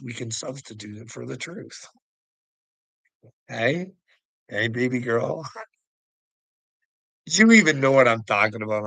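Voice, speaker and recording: Gravelly, mocking man with a chuckle. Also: mid-range voice, a bit bright, no room sound, rough recording. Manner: mocking, chuckling often, calls the listener "bud"; profane and taunting. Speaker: vlogger answering a critic. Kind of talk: casual rambling rant.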